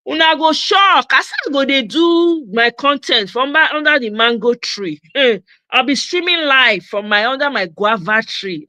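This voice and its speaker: Bright-voiced Nigerian woman, emphatic. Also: sits high, expressive, normal speed, no echo. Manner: emphatic, mixes Pidgin and English. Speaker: host. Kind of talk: casual livestream chat.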